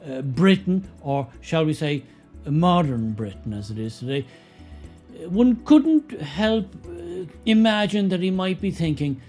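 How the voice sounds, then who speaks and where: A sardonic man delivers political commentary with a lively, swooping pitch. His tone is mocking and emphatic. Faint music plays under him. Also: moderate pace. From Ireland.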